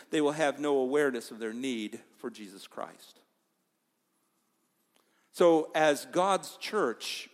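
A man preaching a sermon as pastor, emphatic, with loud stresses and hushed asides. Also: fairly high pitch. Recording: long hall reverb.

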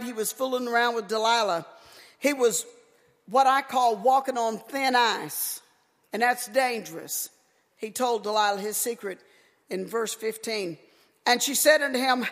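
A woman preacher delivering a sermon, emphatic and folksy, her voice rising toward near-shouts in a church. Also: fairly high pitch. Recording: echoey hall with long reverb.

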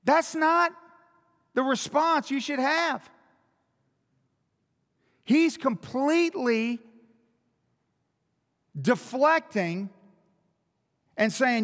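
A man's voice: extremely high pitch, expressive, extremely slow, pauses often, fairly bright tone. A man preaching a sermon in a church, emphatic and full of rhetorical questions. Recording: long hall reverb.

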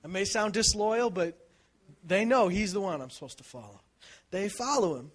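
A man's voice: high voice, moderate pace. A male pastor preaching a sermon in a conversational storytelling way, acting out the people in the story and often asking "right?". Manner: animated storytelling, acts out quotes, shouts for emphasis.

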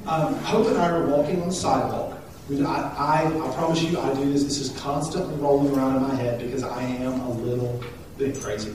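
A man in his thirties, a pastor giving a conversational, animated sermon with asides and jokes. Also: mid-range voice, brisk. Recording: echoey hall, speaker far from the mic, faint noise.

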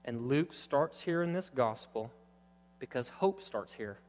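A man preaching a sermon, animated, moving between loud emphatic points and quiet, intense passages. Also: mid-range voice, measured pace, big-room sound. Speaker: pastor.

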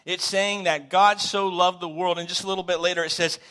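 A man preaching a sermon to his congregation in a conversational, animated way, asking questions and repeating words for emphasis. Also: high voice, fairly quick. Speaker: pastor. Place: church sanctuary.

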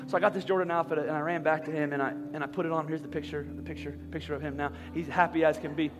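30s pastor guy, high voice, gets loud and animated, big echoey church hall. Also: quick pace. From Philadelphia, USA. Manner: animated, rising to near-shouting. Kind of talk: sermon with a personal story. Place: large church auditorium. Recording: long hall reverb, faint music.

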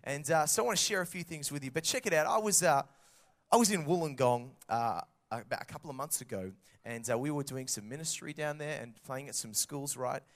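Animated Australian man preaching. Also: fairly high pitch, brisk. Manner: animated storytelling with acted-out quotes. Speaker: pastor. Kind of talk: sermon.

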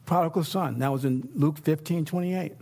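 With a somewhat high voice, a moderate pace, and some vocal fry, a middle-aged man gives a sermon as pastor. His delivery is chatty, swinging from quiet asides to energetic bursts.

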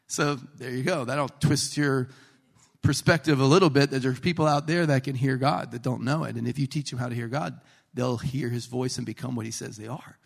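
A man's voice: mid-range voice, a little fast, creaky. A man preaching a sermon in a humorous storytelling way, acting out the people he quotes. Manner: animated, jokey, acts out quotes.

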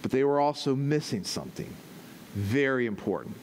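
A man's voice: medium pitch, big pitch swings, moderate pace, darkish tone, slight background noise. A man, the pastor, preaching a teaching sermon, explaining step by step and checking in with his listeners as he goes.

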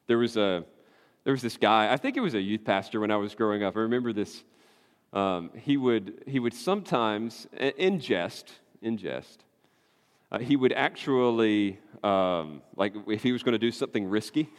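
A man preaching a conversational sermon as pastor, emphatic and full of rhetorical questions. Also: mid-range voice. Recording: long hall reverb.

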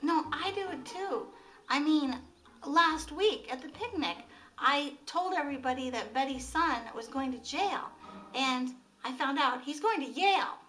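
A woman's voice: high-pitched, expressive, measured pace, a bit bright, poor audio. A woman playing an earnest church lady who hesitates with fillers in a comedy skit. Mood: confessing. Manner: hesitant with fillers, then confessional.

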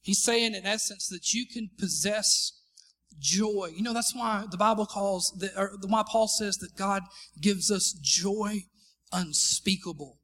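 A male pastor with an unusually high voice delivers a sermon in a church sanctuary. His tone is bright and forceful. He cracks self-deprecating jokes and calls for the congregation to shout back. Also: unhurried. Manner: joking, calls for responses from the congregation. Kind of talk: live sermon.

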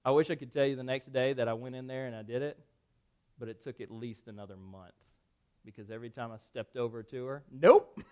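A man preaching a sermon, telling a personal story conversationally, with self-deprecating asides and lively acted-out dialogue. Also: mid-range voice, fast talker, clear, resonant tone. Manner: animated, acts out dialogue in shifting voices. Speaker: pastor.

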